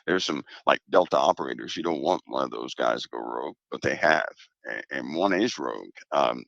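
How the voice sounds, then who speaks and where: A man talking as a guest on a show, steady and emphatic, repeating his main points. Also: a bass voice, gravelly, no echo, lo-fi sound. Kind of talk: casual talk on a show.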